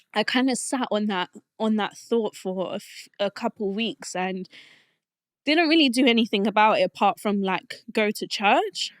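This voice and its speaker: A young adult woman telling a personal faith testimony in a heartfelt, halting way, often restarting her sentences, and getting emotional. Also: mid-range voice, dry recording, clean studio sound. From Colombian family roots. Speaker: podcast guest.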